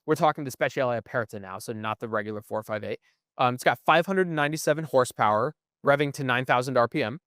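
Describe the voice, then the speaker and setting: A man's voice: mid-range voice, fast, a bit bright, dry recording, clean studio sound. A young man co-hosting a podcast, explaining things at length in casual chat and often asking "right?". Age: young adult. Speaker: podcast co-host. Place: museum.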